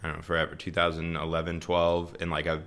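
Easygoing deep-voiced man. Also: monotone, fast, fairly bright tone. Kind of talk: casual chat.

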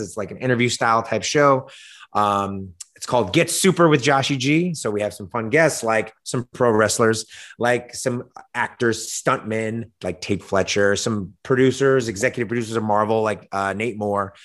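A hoarse young man, a fitness coach on a podcast, talking in an energetic, jokey, hyped way. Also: medium pitch. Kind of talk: casual podcast chat.

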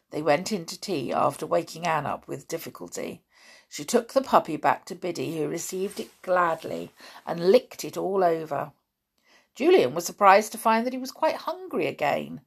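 Husky-voiced woman reading a children's story. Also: fairly low pitch, animated, moderate pace. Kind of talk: reading a children's book aloud.

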